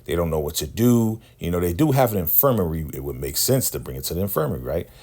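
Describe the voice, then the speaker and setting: Lowish voice dude doing a slangy tv recap, animated, says right a lot. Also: male voice, fast talker. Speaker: show recap host. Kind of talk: casual TV recap.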